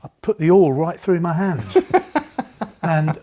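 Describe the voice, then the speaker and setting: A middle-aged man, a veteran shoemaker, speaking in a halting way with many restarts. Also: on the high side, noisy background. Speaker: bespoke shoemaker guest. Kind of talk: casual chat.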